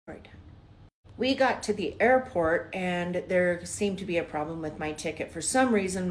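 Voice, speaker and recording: A middle-aged woman tells a personal spiritual story in a vlog, her voice sitting a little low. She is emotional and expressive, sinking into hushed whispers and then lifting into bright, excited bursts. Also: slight background noise.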